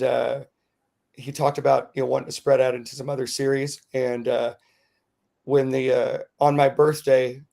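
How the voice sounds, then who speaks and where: A middle-aged man, a podcast co-host, telling a rambling, animated story in casual chat with lots of fillers. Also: medium pitch, gravelly.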